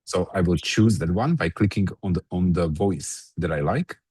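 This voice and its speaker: A man with a low, husky voice leads an online workshop. He walks through a software demo step by step, often restarting his phrases. His computer mic sounds dry and close. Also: moderate pace, no echo. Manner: explains step by step, with frequent restarts. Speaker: workshop presenter.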